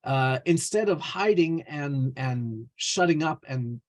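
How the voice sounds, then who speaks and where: A man's voice: fairly high pitch, lively intonation, slow. A man, the game master, casually recapping a tabletop game session with a hesitant, rambling delivery. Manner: rambling, hesitant, lots of fillers.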